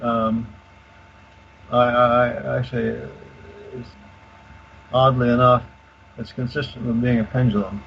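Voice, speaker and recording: An older man explaining in detail as a radio guest, halting with many fillers and restarts. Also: medium pitch, little pitch movement, creaky. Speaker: guest expert. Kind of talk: casual explanation on a call-in radio show. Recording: dull lo-fi call audio with faint hiss.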